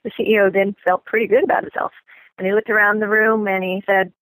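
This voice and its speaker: A woman's voice: mid-range voice, little pitch movement, quick pace, fairly bright tone, no echo, poor audio. Woman telling a story, dry sound. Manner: friendly, storytelling. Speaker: community leader.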